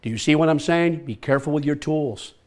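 A man presenting a farming workshop to a live audience, energetic and quizzing the listeners as he talks. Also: fairly high pitch, fairly quick. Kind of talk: lively workshop talk.

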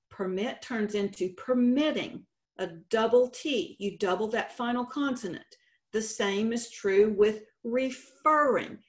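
A woman contest director giving a slow, deliberate instructional talk on spelling rules. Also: mid-range voice. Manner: slow, deliberate teacherly explanation. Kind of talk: instructional presentation.

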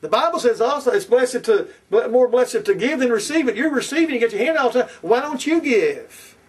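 A man preaching a fiery sermon in a very high, husky voice. He repeats his lines as he presses his point, and he sounds set back from the microphone. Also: quick pace. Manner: preachy, repetitive, fiery and confrontational. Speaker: pastor. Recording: distant from the mic.

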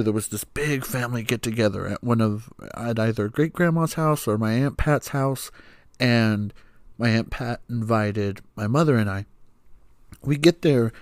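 A man's voice: mid-range voice, no room sound, studio quality. A young man hosting a podcast, telling a family story in a rambling, casual way, with fillers, swearing and chuckles. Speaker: podcast host.

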